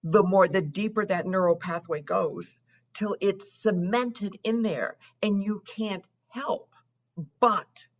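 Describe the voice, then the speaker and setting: Middle-aged woman coaching on a podcast, lowish voice, calm step-by-step explaining. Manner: explanatory, steady teaching tone. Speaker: guest, financial therapist and wealth coach. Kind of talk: podcast interview.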